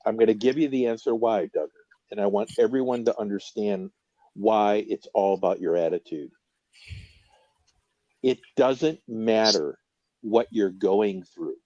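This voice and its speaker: A man's voice: on the low side, unhurried, a little mellow, no room sound, lo-fi sound. A man guesting on a casual livestream chat, earnest and emphatic, often repeating himself.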